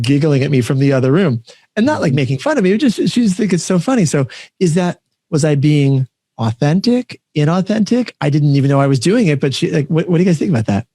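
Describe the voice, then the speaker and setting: A man hosting a podcast, talking quickly in a mellow, darker tone, fairly high for a man. He tells stories in an animated, self-deprecating way, with plenty of casual fillers. The sound is dry and close. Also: no echo. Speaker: podcast host. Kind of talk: casual chat.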